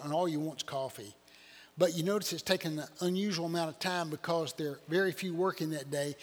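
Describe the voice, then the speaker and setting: Folksy pastor in a reverberant hall. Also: male voice, on the high side. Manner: folksy, animated storyteller. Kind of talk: sermon storytelling.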